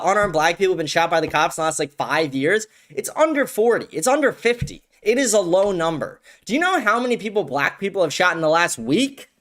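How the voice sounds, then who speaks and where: High-voiced man ranting heatedly. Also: fairly bright tone. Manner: heated, profane, repeats words when starting sentences. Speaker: show host. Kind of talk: solo ranting commentary.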